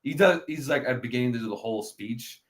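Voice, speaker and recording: A young man co-hosting a casual movie review chat, animated and bursting into loud character voices. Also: medium pitch, fast talker. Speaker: podcast co-host.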